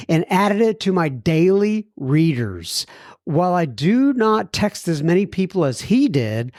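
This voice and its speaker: A man's voice: fairly high pitch, darkish tone, no echo, clean studio sound. A man hosting a recovery podcast, reading listener mail in a folksy, self-deprecating way. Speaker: podcast host.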